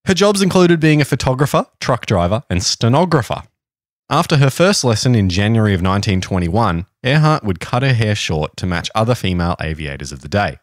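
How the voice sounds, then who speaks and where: A man's voice: lowish voice, sing-song, fairly quick, no room sound, studio quality. An Australian man co-hosting a podcast, telling a history story in a casual, joking chat. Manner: reads history notes, jokey asides. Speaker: podcast co-host.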